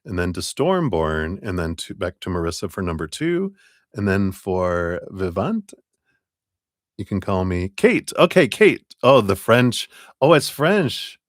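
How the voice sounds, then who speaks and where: Low-voiced guy doing tarot readings on a live stream, laid back and chatty, dry close mic. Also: a little slow, dry recording. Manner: relaxed, chatty, laughs often, talks to viewers by name. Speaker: tarot reader.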